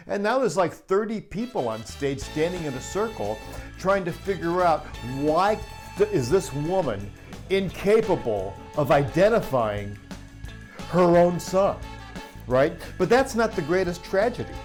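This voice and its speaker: A middle-aged sound crew chief tells a backstage story in a chatty, easygoing way, laughing as he goes. His voice sits a little high for a man, and faint music plays softly behind him. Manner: chatty, laughing, acts out quotes. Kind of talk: storytelling anecdote.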